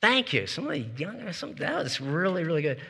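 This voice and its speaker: Pastor guy preaching, kinda high bright voice, chatty and lively, long reverb like a big church hall. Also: a little fast, gravelly, slightly rough. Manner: lively, conversational, laughs between points; leads congregation in call-and-response. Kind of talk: sermon. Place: church sanctuary with congregation.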